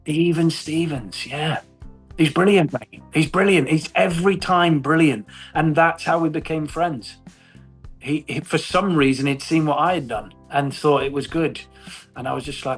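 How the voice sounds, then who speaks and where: A man's voice: a little high, moderate pace, faint music behind. A middle-aged man in a casual interview, telling stories with animation, swearing and laughing often. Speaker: actor guest.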